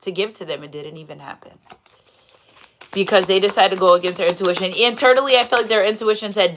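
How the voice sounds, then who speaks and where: A woman doing a casual live tarot reading in an animated, playful way, with laughter and asides. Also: medium pitch, a little fast, slight background noise. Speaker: tarot reader.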